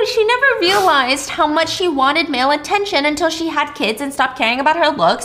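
A woman casually retelling a thriller's plot, animated and chatty, with frequent asides and the odd swear word. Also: sits high, a little fast, few pauses. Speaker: storyteller host. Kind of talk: casual storytime recap of a thriller.

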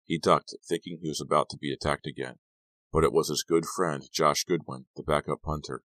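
Very deep-voiced male audiobook narrator. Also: steady tone, brisk, a bit bright, no room sound. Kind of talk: scripted narration.

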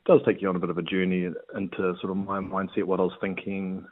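Low-ish kiwi guy chatting slow and halting, sounds like a phone line. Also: monotone. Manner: laid-back, halting with restarts and fillers. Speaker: guest, retired rugby player. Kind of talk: casual interview chat.

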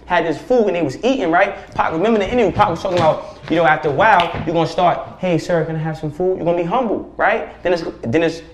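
A man speaking as a podcast guest, preaching forcefully with profanity and rhetorical questions. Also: sits high, quick pace, hardly any pauses, slight background noise. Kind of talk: impassioned podcast conversation. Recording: roomy echo.

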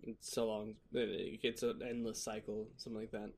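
A man's voice: on the low side, flat delivery, normal speed, gravelly, a little mellow. A man co-hosting a podcast in casual, joking chat, loose and profane, laughing often. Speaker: podcast co-host. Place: lives in Florida.

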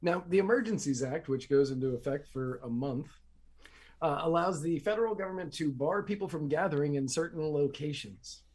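A man's voice: fairly high pitch, expressive, fairly quick, a little mellow, breathy edge. A man hosting a political commentary chat, sarcastic and emphatic, often repeating his phrases. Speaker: host.

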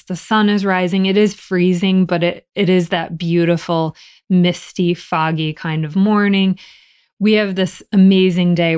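A woman's voice: fairly low pitch, clean tone. A woman hosting a podcast, telling a personal story in a chatty way and laughing often. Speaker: podcast host.

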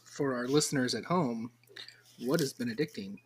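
A man's voice: mid-range voice, moderate pace, slight background noise. A man co-hosting a podcast who chats in a rambling, enthusiastic way. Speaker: podcast co-host. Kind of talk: casual chat.

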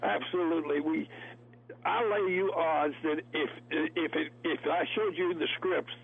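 A man's voice: on the high side, steady tone, measured pace, gravelly, slightly rough. A man telling folksy stories as a guest, laughing often. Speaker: actor guest. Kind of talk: storytelling interview. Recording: tinny phone line, radio.

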